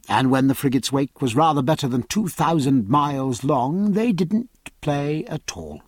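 A man narrating a novel as an audiobook in a measured, steady reading, recorded on a close studio mic. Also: a little high, breathy edge, no echo.

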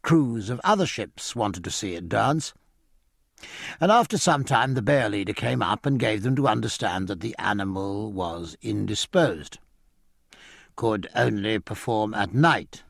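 A man narrating a story in a measured storytelling manner. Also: lowish voice, animated, vocal fry, no room sound, studio quality. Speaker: audiobook narrator. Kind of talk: scripted narration.

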